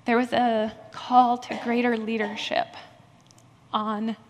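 A woman's voice: fairly high pitch, flat delivery, slow, slight background noise. A woman pastor giving a candid, self-deprecating personal testimony in a sermon, laughing at herself now and then. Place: church sanctuary. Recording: long hall reverb from a church sanctuary.

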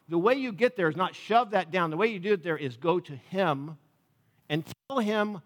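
Speaking at normal speed with lively intonation, a man with a high, fairly bright voice preaches in a large hall. This pastor takes a conversational approach, often asking the congregation questions.

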